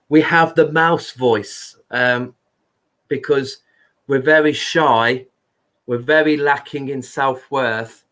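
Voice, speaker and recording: A man hosts a live stream in a loud, chatty voice. He speaks slowly and unhurriedly, as if chatting with friends. His pitch sits in a middle range. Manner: unhurried, chatty, talks to viewers by name. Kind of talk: casual live stream talk.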